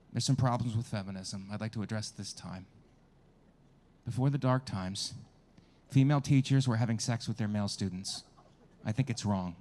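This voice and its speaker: A man's voice: mid-range voice, a little mellow, a little hiss or hum. Crude man doing stand-up outdoors. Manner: crude, self-mocking crowd work. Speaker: stand-up comedian. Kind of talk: stand-up comedy set.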